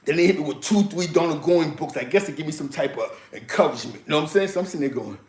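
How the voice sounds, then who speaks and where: Talking very fast in a reverberant space, a New York-accented man from East Harlem with a slightly high voice tells casual stories. He's full of slang and animation, frequently cracking up mid-tale.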